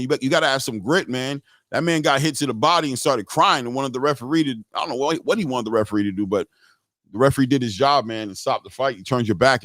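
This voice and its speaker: A man's voice: medium pitch, fairly bright tone, dry recording, studio quality. A man hosting a live boxing stream, giving casual, slangy fight commentary and talking straight to his viewers.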